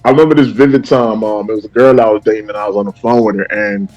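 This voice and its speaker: A man's voice: on the low side, quick pace, soft background music. A man from the Bay Area, a guest rapper, telling stories animatedly and acting out the voices. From San Francisco Bay Area. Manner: animated, acts out quoted voices. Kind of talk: casual interview storytelling.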